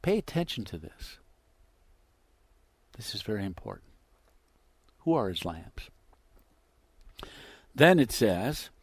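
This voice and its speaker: A low-pitched man delivers a sermon with dramatic swings in volume, acting out the lines of the people he quotes. The sound is dry and close, with no room echo. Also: husky. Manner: dramatic, acts out quoted dialogue with wide swings in loudness. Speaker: preacher.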